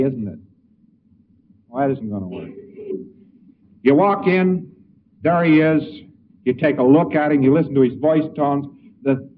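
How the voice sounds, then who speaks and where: A man giving an informal lecture in a folksy, anecdotal way, acting out both sides of little dialogues. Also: medium pitch. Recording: tinny lo-fi archival lecture recording, distant mic, faint hiss.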